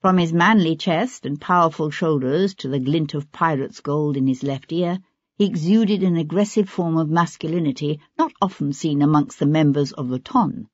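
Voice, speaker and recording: An audiobook narrator reading a novel in measured, even scripted narration. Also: mid-range voice, no echo. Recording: dull lo-fi audiobook recording.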